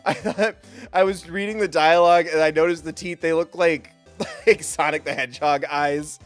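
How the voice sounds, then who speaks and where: A man's voice: fairly high pitch, fairly even intonation, normal speed, faint music behind. A man streaming a game, giving playful, wisecracking commentary. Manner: playful, wisecracking, laughing often. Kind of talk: jokey gameplay commentary.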